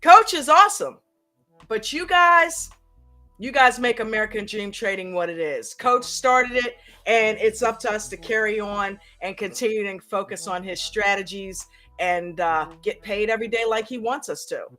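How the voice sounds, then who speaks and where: A woman hosting a live stream in a chatty, upbeat way, pitching memberships and calling people up to join her. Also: moderate pace, fairly bright tone, faint music behind. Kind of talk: casual live-stream chat.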